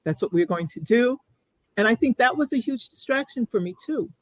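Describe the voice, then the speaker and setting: A woman's voice: fairly high pitch, expressive, a little fast, no echo, low-quality recording. A middle-aged woman, a guest on an interview show, speaking earnestly and reflectively, often restarting her sentences. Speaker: guest sharing her story. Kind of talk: candid interview.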